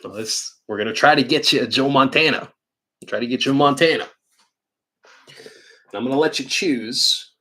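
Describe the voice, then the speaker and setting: A man's voice: medium pitch, moderate pace, pauses often, sharp tone. A man from New York hosting a live card-break stream, chatting casually and thinking aloud while he opens packs. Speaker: livestream card-break host. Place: indoor card-break studio.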